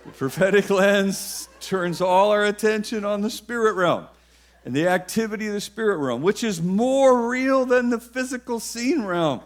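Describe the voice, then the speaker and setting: Brief: male preacher with a very high voice, joking, punchy, repeats key lines. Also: a little slow. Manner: emphatic and humorous, with many repetitions. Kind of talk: sermon.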